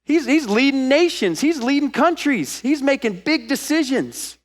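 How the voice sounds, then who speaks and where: A man preaching a sermon as pastor to a congregation in church, lively and acting out the voices he quotes. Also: very high voice, moderate pace. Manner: animated, acts out quoted voices.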